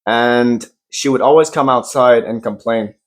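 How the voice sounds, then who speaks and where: A man's voice: mid-range voice, measured pace. A man co-hosting a casual podcast, joking crudely and rambling, recorded on a phone. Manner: joking, rambling, says random things. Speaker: podcast co-host. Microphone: phone camera.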